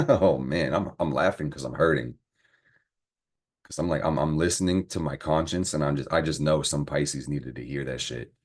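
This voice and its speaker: A man's voice: a bass voice, moderate pace. A man giving a casual astrology and tarot reading to camera, talking in a slangy, profane, encouraging way. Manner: slangy, profane, animated pep talk.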